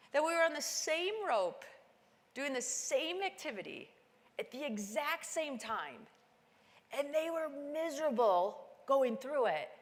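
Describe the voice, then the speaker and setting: A woman giving a motivational keynote talk, telling a climbing story and acting out the dialogue with sudden bursts of high excitement. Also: big-room sound. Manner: animated, acts out dialogue with sudden high-pitched exclamations. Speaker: keynote speaker. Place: conference stage in a large hall.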